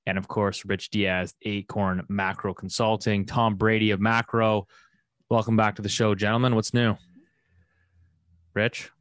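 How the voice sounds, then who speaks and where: A man from Canada hosts a casual finance podcast, with lots of fillers and restarts. His voice sits fairly low. The sound is dry and close. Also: flat delivery, a little slow, fairly bright tone, no echo. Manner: loose, many fillers and restarts. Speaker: podcast host. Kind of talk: casual podcast chat and ad read.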